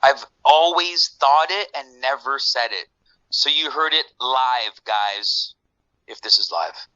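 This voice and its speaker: A male musician as an interview guest, chatting casually with a laid-back, profane, animated way of telling stories. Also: mid-range voice, slow pace, no room sound, muffled recording.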